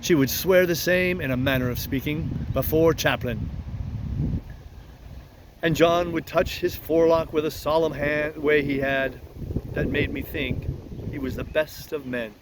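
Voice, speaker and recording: Man reading a story aloud, slightly high voice. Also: steady tone, background noise. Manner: unhurried reading with asides. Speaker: audiobook reader.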